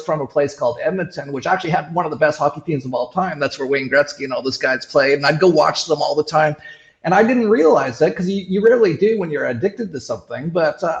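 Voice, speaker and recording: Middle-aged man from Canada, higher-pitched, rambling interview talk, roomy lo-fi sound. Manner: rambling, many restarts and fillers. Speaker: show host. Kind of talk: casual conversational interview.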